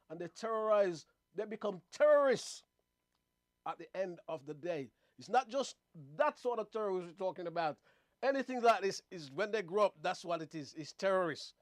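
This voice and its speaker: A man's voice: high voice, no echo. A man hosting a casual monologue show, rambling and repeating words as he talks to his viewers. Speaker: host.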